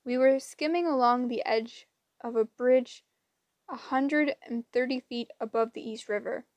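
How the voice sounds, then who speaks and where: A woman reading an audiobook with lively, dramatic storytelling. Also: on the high side, a little slow, dry recording. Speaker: audiobook reader. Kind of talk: expressive audiobook narration.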